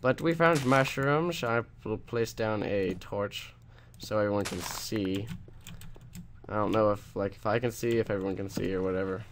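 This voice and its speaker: A man's voice: lowish voice, moderate pace, slight background noise. A young man with a sarcastic, rambling manner, casually chatting while commenting on his own gameplay. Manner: rambling, ranting, sarcastic, with restarts. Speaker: let's play host.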